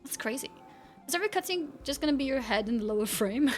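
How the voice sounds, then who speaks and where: A woman's voice: high voice, expressive, quick pace, faint music behind. A woman chatting casually on a live game stream, reading chat aloud and laughing often.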